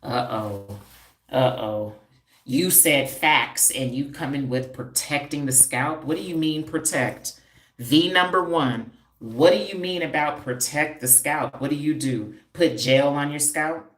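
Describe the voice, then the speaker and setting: A woman's voice: deep voice, a little slow, reverberant. A woman in the style, a holistic hair practitioner hosting a live stream, talking back to viewer comments with sassy, confrontational banter and rhetorical questions. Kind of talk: livestream chat answering viewer comments.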